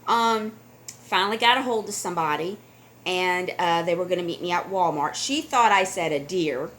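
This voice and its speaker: A middle-aged woman telling a personal story to her camera, chatty and earnest, with an animated, conversational delivery. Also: lowish voice, normal speed, slight background noise. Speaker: vlogger. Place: dim room at home.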